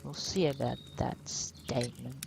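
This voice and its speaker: Woman, let's play commentator; deep, unhurried, playful musing. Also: fairly even intonation, creaky, background noise. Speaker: gamer.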